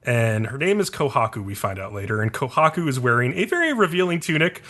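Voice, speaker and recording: A man's voice: medium pitch, big pitch swings, quick pace, sharp tone. A man co-hosting a podcast, casually recapping an anime episode and leaning on lots of filler words. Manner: rambling, heavy on "like" fillers. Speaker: podcast co-host.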